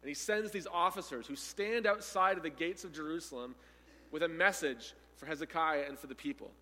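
Animated preacher man in a reverberant hall. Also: a little high, brisk. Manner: animated storytelling, acting out the quoted speakers. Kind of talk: sermon.

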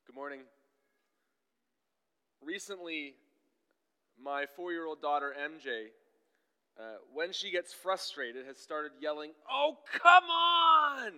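A man in his thirties, a pastor, preaching a sermon in a conversational, emphatic way with sudden loud bursts. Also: on the high side, slow, pauses often, clear, resonant tone, in a large hall.

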